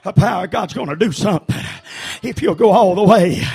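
A man preaching a sermon as pastor, swinging between shouted refrains and quieter storytelling. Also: high-pitched, a little fast, gravelly, breathy edge. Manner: shouting, chanting preacher with sudden hushed storytelling.

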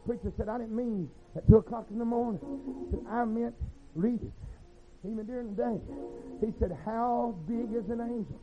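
High-voiced preacher, tinny recording. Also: male voice, steady tone, normal speed. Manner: rhythmic, folksy, swings from hushed to shouting. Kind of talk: sermon storytelling. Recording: tinny phone-like sound with faint music.

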